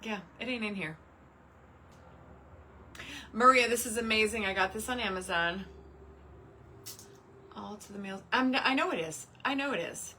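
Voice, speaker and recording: A woman's voice: mid-range voice, normal speed, long pauses, bright, forceful tone, slight background noise. A woman hosting a casual crafting livestream, exasperated and talking to herself and her chat as she works.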